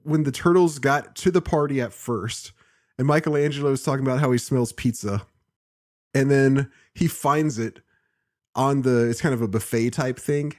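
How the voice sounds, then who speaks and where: A man's voice: medium pitch, normal speed. A man co-hosting a podcast, chatting casually about a cartoon and acting out quotes with frequent laughter. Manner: laughs often, acts out quotes with lively voices. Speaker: podcast co-host. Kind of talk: casual chat recapping a cartoon episode.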